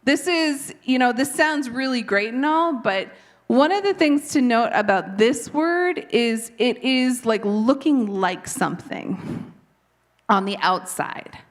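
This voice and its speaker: A woman's voice: a little high, expressive, takes it slowly. A woman in her thirties from Canada, with a light Canadian accent, giving an earnest, conversational devotional Bible teaching. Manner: earnest, conversational, occasional laughs at herself.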